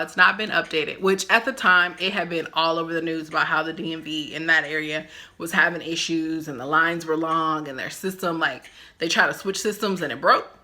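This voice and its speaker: A woman vlogger telling a storytime about a stay in jail, animated and acting out the voices of the people she quotes. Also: deep voice. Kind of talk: storytime vlog.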